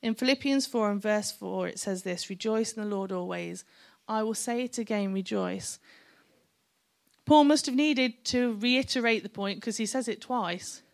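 A woman's voice: medium pitch, normal speed, creaky. A middle-aged woman preaching a sermon, chatty and encouraging, with joking asides to the congregation.

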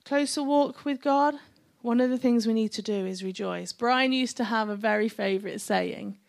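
A woman's voice: a little high, normal speed, gravelly, hardly any pauses. Chatty woman preaching a sermon. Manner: chatty, encouraging, joking asides to the congregation.

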